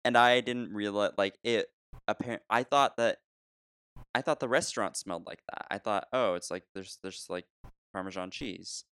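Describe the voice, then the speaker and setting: A man spins a long anecdote in relaxed chat, laughing as he goes and circling back with restarts. His voice sits low and smooth. The sound is close and dry, with no room around it. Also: normal speed, no room sound. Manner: animated, laughs often, trailing restarts. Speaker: podcast co-host telling a story. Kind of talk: casual storytelling chat.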